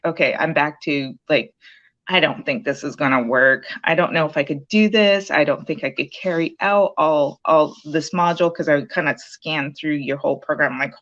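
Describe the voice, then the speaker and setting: Low-voiced woman telling her story. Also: muffled recording. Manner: rambling, many fillers and restarts. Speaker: program graduate sharing her story. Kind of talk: casual interview testimonial.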